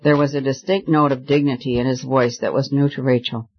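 A man narrating a novel in a steady, even reading voice. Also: medium pitch, a little fast, slight background noise. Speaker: audiobook narrator. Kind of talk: scripted narration. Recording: slightly dull lo-fi recording.

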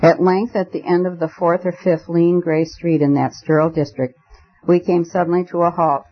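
A man narrating a story aloud as an audiobook reader, in a measured, expressive way. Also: a little high, highs cut off. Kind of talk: scripted narration.

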